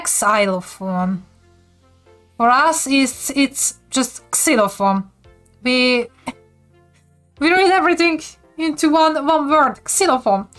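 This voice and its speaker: A woman's voice: high voice, a bit bright. A woman from Hungary, speaking with a Hungarian accent, chatty and giggling often as she teaches viewers on a casual live stream.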